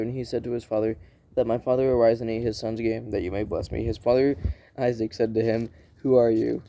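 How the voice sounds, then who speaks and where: A man reading scripture aloud in a plain, unhurried way, often restarting and correcting himself. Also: on the low side, creaky, mellow. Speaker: Bible reader.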